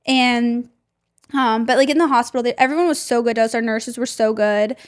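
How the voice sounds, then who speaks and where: A woman's voice: on the high side, steady tone, brisk. Emotional young woman telling a personal story. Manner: emotional, heavy use of "like" fillers. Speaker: podcast host.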